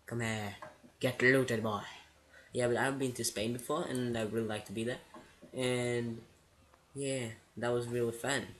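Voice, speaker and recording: Casual gamer guy narrating his play, excitable and giggly, slow unhurried delivery. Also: mid-range voice. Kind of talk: casual gameplay commentary.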